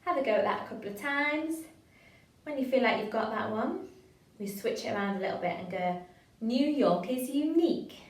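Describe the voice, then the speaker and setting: A woman in the middle of her pitch range leads a drama class in an encouraging, chatty manner, with plenty of fillers. Her voice sounds roomy and set back from the microphone. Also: expressive, fairly quick. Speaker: drama workshop leader. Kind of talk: online drama class instruction. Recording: roomy sound from a distance to the mic.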